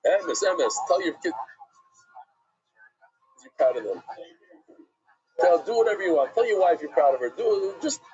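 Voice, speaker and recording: Middle-aged rabbi guy, husky voice, chatty talmud class, kinda muffled lo-fi audio. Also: sits high, normal speed, pauses often. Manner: animated, chatty, mixes Hebrew and Yiddish terms into English. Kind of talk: casual Talmud class with a personal story.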